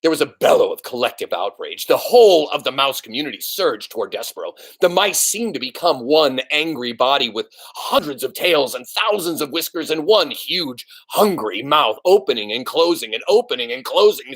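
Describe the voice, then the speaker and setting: Animated male storybook reader. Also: mid-range voice, moderate pace, few pauses. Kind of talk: children's book read-aloud.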